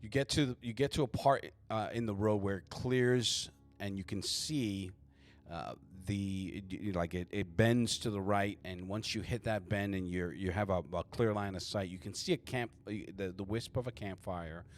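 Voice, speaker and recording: Low-voiced male game master. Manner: rambling, halting narration with many fillers. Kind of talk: narrating a tabletop game.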